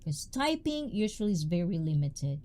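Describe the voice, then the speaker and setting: A livestream host with a high, warm, mellow voice greets viewers one after another as she chats casually. Her pitch swings widely, and she's loud, bubbly, very animated, and talkative, speaking at a normal speed.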